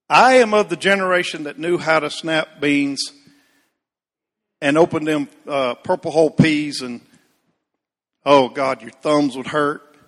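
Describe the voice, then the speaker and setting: A man preaches in an easygoing, storytelling way, turning to name people in the pews as he goes. His voice sits a bit high and rings out with a long echo through the sanctuary. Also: measured pace, pauses often, fairly bright tone. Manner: folksy, addresses congregation members by name. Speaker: Baptist pastor. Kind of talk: storytelling sermon.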